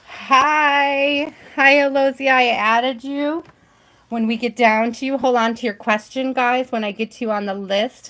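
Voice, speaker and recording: A woman's voice: a little high, bright, forceful tone. A woman hosting a live tarot reading stream, chatty and giggly, often trailing off mid-thought.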